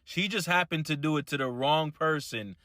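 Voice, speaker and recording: Man commentator, matter-of-fact and disapproving, crisp forceful tone. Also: a little high, moderate pace, dry recording, studio quality. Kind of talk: news-style reaction commentary.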